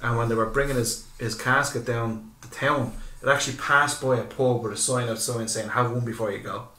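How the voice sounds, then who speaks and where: A man co-hosting a podcast, chatting in quick, excitable, sweary banter. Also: medium pitch, echoey room. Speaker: podcast co-host. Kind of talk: casual chat.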